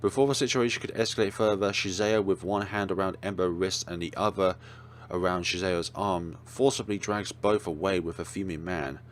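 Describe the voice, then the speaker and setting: A man's voice: deep voice, steady tone, normal speed, a little hiss or hum. A man hosting a let's play, reading a horror visual novel aloud with dramatic storytelling and wry asides.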